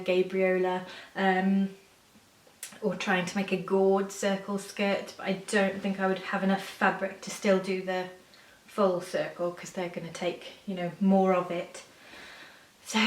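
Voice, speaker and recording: A woman's voice: mid-range voice, recorded from a distance. A woman, chatting casually to camera as a sewing vlogger, rambling with fillers and self-corrections and gushing when she shows things off. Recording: echoey room, a bit off-mic.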